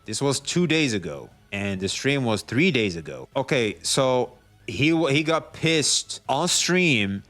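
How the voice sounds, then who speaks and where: A man's voice: medium pitch, animated, measured pace, fairly bright tone, soft background music. A man reacting to a clip and talking to his chat, dry and mocking. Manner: sarcastic, mocking. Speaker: commentary YouTuber. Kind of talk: reaction commentary.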